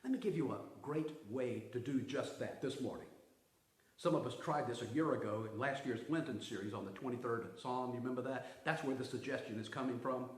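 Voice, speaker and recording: A man, the pastor, preaching a sermon with emphatic delivery that swings from loud to hushed, recorded in a church sanctuary. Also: mid-range voice. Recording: roomy echo.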